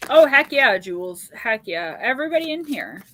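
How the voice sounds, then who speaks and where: A woman in her forties hosting a casual live psychic stream, chatty and quick to laugh as she talks straight to her viewers. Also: fairly high pitch, sing-song, background noise. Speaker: psychic livestream host.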